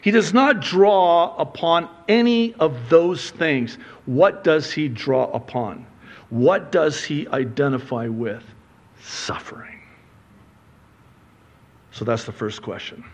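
Male pastor, fairly high voice, unhurried delivery, dramatic storytelling sermon with hushed asides and loud peaks. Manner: animated storytelling with rhetorical questions.

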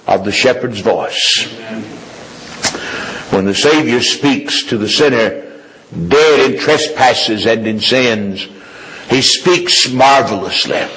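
A man delivers a sermon in an emphatic, repetitive cadence, shifting from low, confiding tones to high, ringing declarations. He speaks slowly and a bit brightly, and the audio is poor.

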